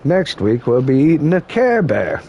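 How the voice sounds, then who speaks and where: A man's voice: mid-range voice, sing-song, measured pace, dull audio, slight background noise. A man hosting a gaming channel, chatting casually while he plays, rambling and laughing at his own jokes. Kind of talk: casual chat while playing a game.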